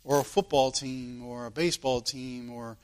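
A man's voice: mid-range voice, fairly even intonation, normal speed, clear, resonant tone. A man preaching a sermon in an earnest, questioning way, often repeating his phrases.

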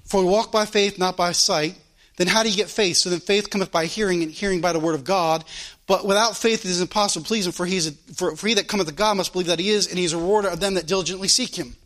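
A man's voice: high-pitched, fast, fairly bright tone. A man preaching a fervent sermon as pastor, quoting scripture in old-style wording.

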